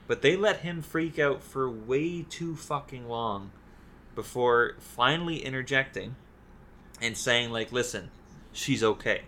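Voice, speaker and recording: Casual podcast co-host, male, bright forceful voice, exasperated profane rant, faint background hiss. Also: medium pitch, measured pace. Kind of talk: casual game discussion.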